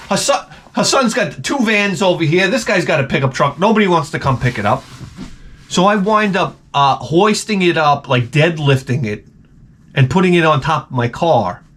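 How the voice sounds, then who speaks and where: A man sick with the flu, rambling through a casual, profane vlog as host. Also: fairly high pitch. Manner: profane, rambling, animated storytelling. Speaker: YouTube host.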